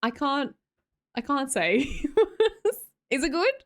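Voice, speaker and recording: A woman's voice: high voice, very animated, very slow, a bit bright. A young Australian woman with an Australian accent chatting casually as a live streamer, giggly and self-mocking while she reads out viewer comments.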